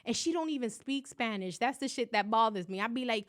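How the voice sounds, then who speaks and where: A young woman hosting a podcast, loud and profane, laughing often in casual chat. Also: on the high side, lively intonation, fast talker. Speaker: podcast host.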